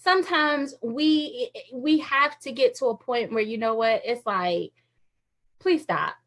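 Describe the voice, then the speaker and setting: Brief: high-pitched woman, lively faith talk to viewers, laughs often, acts out quoted thoughts. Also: a little slow. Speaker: Christian women's ministry speaker.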